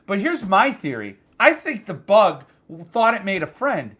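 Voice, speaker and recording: A man hosting his own channel, telling a story in an animated, joking casual chat. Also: sits high, a little slow. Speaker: channel host.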